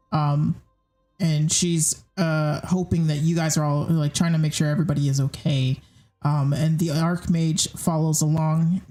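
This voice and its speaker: A woman's voice: deep voice, mellow. A woman narrating a tabletop game as game master, casual and hesitant with many fillers.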